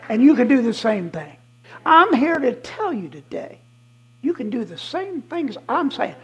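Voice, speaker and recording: A guest preacher giving a fiery sermon, emphatic and repetitive, swinging from shouted declarations to hushed asides. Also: mid-range voice, big pitch swings, a little slow, slightly rough, low-quality recording.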